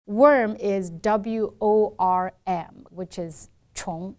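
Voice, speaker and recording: A woman accent coach talks through a pronunciation lesson, steady and explanatory. She repeats words both the wrong way and the right way so the contrast is clear. Her voice sits at an ordinary mid pitch. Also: extremely slow.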